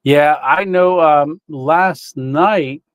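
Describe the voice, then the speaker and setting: Livestream host, male, rambling and good-humored, slightly higher voice, dry mic. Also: drawn-out words, no echo. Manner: rambling storyteller, frequent fillers and laughs. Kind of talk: casual livestream chat with viewers.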